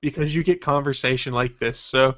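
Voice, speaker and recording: A man's voice: mid-range voice, fairly quick, lo-fi sound. A man hosting a casual podcast, loosely reading out news and chat messages. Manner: relaxed, rambling, reads out news and chat messages. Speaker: podcast host.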